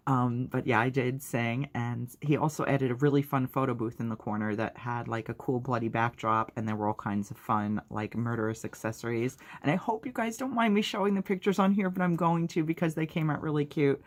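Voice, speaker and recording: A woman's voice: extremely low pitch, fairly quick, few pauses. A woman vlogger talking casually to her viewers in a chatty, upbeat way, with lots of fillers and asides. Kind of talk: casual vlog recap.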